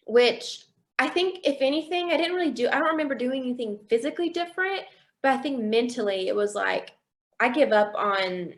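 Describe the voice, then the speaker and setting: A young woman sharing her faith testimony in an interview, telling it expressively and acting out quoted dialogue. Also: fairly high pitch. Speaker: interview guest.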